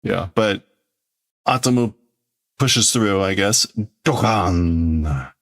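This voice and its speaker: A man translates a comic on a live stream in an unhurried, low voice with a gravelly edge. He thinks aloud as he goes and often hedges or corrects himself. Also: fairly even intonation, a bit bright. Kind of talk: casual live commentary.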